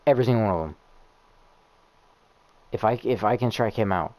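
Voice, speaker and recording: A man's voice: on the low side, fairly quick, darkish tone, a little hiss or hum. A young man narrating his own video game in a stream of exasperated, profane complaints. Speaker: gamer posting gameplay. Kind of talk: live gameplay commentary.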